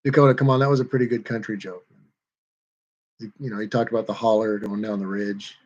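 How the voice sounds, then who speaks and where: A man's voice: on the low side, steady tone, brisk, a little mellow, lo-fi sound. Laid-back man reading live chat. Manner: laid-back, reads viewer comments aloud and chuckles between them. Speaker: livestream host reading chat. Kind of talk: casual chat.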